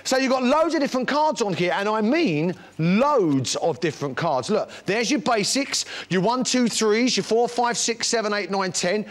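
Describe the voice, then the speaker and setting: A man's voice: high-pitched, expressive, moderate pace, hardly any pauses. A British man presenting a shopping channel demonstration, chatty and enthusiastic, full of anecdotes. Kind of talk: live product demonstration sales pitch.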